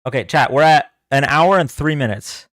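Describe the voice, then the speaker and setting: A man's voice: on the high side, moderate pace, no echo, clean studio sound. A man giving casual, rambling reaction commentary on a live stream and talking to his chat. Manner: animated, rambling, talks to chat.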